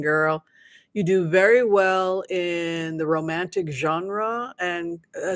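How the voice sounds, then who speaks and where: A woman's voice: fairly low pitch, a bit bright. A woman giving live tarot readings to her viewers, chatty and bubbly, with playful asides. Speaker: tarot reader.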